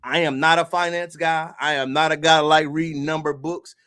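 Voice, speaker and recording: A man hosting a commentary livestream, talking emphatically to his viewers with rhetorical questions and punchy repeated phrases, sometimes shouting. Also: fairly high pitch, little pitch movement, moderate pace, clear, resonant tone, dry recording, studio quality. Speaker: livestream host.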